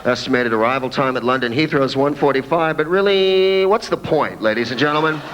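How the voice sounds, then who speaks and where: A stand-up comedian voicing a depressed male airline captain making a cabin announcement in a low mumbling monotone. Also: a little fast, muffled recording, background noise, close to an everyday voice. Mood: dejected. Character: gloomy heartbroken male airline pilot.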